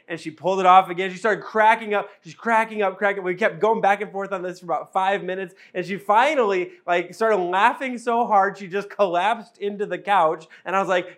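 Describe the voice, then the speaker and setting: A man's voice: high-pitched, fairly even intonation, fairly quick, hardly any pauses, fairly bright tone. A man as pastor preaching a sermon, telling a funny family story in a conversational way and repeating phrases for emphasis.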